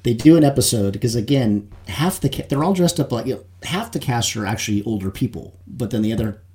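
Laughing, animated man telling stories. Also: mid-range voice, a little fast. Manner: animated storytelling, laughs often. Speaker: podcast co-host. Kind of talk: casual chat. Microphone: desk mic without boom, close to face.

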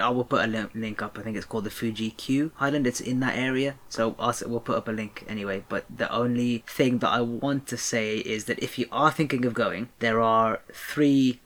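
A man's voice: mid-range voice, fairly bright tone. A young man co-hosting a podcast, eagerly bringing up topics and explaining them. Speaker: podcast co-host. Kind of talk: casual chat.

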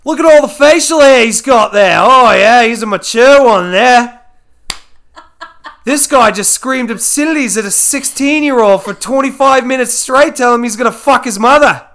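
A man voicing an excitable male Australian wildlife showman, doing loud, hammy and profane nature-show narration in a put-on Australian accent. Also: very high-pitched, normal speed, pitched above the performer's own voice. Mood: rowdy. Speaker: podcast co-host.

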